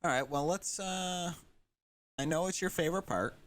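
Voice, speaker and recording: A man's voice: high-pitched, normal speed, fairly bright tone, no room sound. Upbeat male podcast co-host. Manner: upbeat, steers the show, chatty. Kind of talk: casual podcast chat.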